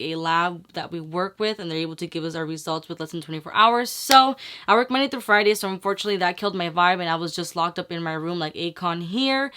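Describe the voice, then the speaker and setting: Casual makeup vlogger woman, bright forward voice, rambly and slangy, curses a lot. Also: on the low side. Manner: chatty, rambling, slangy, swears freely. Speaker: beauty vlogger. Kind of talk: casual makeup tutorial chat.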